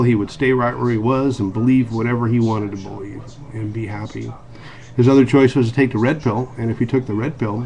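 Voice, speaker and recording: A man's voice: fairly low pitch, a little mellow. An American man giving an earnest solo monologue for a video blog, full of ums and restarts. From United States. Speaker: video blogger. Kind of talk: casual monologue to camera.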